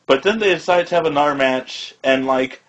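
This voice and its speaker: A man's voice: on the high side, brisk, fairly bright tone. A man co-hosting a casual podcast, opinionated and arguing his points. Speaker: podcast co-host. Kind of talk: casual chat. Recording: slightly dull lo-fi sound.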